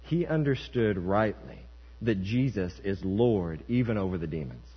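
A man's voice: lowish voice, animated, moderate pace, slightly rough. A young man preaching a sermon, telling a story and acting out the voices in it. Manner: storytelling, acts out quoted voices. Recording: muffled church hall with mains hum.

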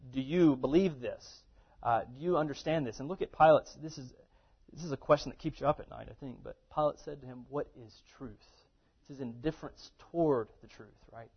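A man giving a relaxed scripture lecture, posing questions to his listeners and then answering them. His voice sits at a middle pitch. The recording is muffled and lo-fi. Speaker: Bible teacher.

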